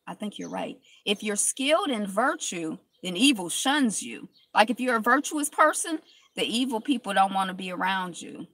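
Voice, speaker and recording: A woman with a cold talks her way through a casual live stream from her car. Her voice has a gravelly, fry-laced edge, and she is loose and chatty, greeting viewers by name between thoughts. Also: mid-range voice, a bit bright. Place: inside a car.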